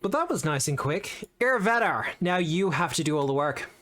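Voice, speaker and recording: A game master running a tabletop session, relaxed and joking while making rulings. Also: medium pitch, normal speed, a little hiss or hum.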